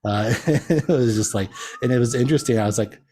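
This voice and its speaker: A man's voice: mid-range voice, a little fast, warm tone, husky. A man talking as a podcast guest in casual chat. He rambles, uses many fillers and laughs often.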